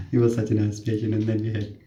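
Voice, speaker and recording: A man's voice: lowish voice, completely flat delivery, a little fast, warm tone. A man who works in healthcare casually tells a self-deprecating story from his work in a conversational way. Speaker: healthcare worker. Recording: roomy echo.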